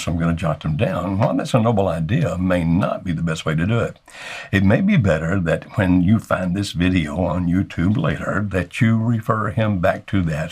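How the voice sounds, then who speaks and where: A man's voice: sits low, darkish tone, husky. An older man giving marriage advice to camera in a folksy way, acting out little everyday dialogues between husband and wife.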